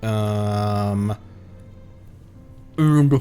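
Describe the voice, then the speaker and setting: Animated rambling male streamer. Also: mid-range voice, measured pace, soft background music. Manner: rambling and hesitant, many restarts, bursts of excitement. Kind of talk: casual livestream reaction commentary.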